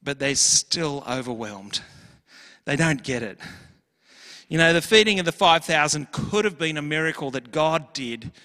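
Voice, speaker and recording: A man preaches in a church, earnest and emphatic. His voice sits a little high and rings bright. The hall behind him lets every phrase trail off in a long echo. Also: animated, a little slow. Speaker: pastor. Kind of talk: sermon.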